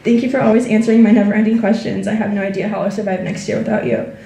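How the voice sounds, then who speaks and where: A woman's voice: medium pitch, fairly even intonation, rapid-fire, creaky, warm tone, echoey room, distant mic, slight background noise. A teenage girl reading a heartfelt senior speech to her friends and family, close to tears. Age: teens. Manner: heartfelt, reading thank-yous. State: tearful, near crying. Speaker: graduating student. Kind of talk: senior speech read aloud.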